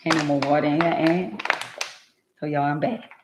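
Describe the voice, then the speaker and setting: A woman's voice: low voice, fairly even intonation, normal speed, echoey room, noisy background. A woman telling her own life story to her viewers in an emphatic, rambling, casual way.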